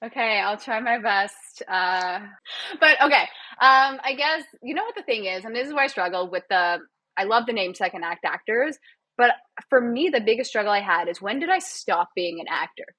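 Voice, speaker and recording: A woman's voice: fairly high pitch, lively intonation, moderate pace, sharp tone, no echo. A young Canadian woman with a Canadian accent, chatting animatedly as a podcast guest and laughing often. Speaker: podcast guest, actor and physiotherapist. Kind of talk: casual podcast interview.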